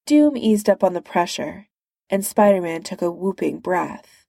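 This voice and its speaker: A woman reading a superhero story aloud with even, unhurried narration. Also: lowish voice, vocal fry, no echo, studio quality. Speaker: reader. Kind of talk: reading fan fiction aloud.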